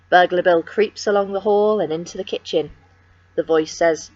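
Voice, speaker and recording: A woman reading a children's picture book aloud with expressive, sing-song storytelling. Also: fairly low pitch, measured pace, no room sound, lo-fi sound.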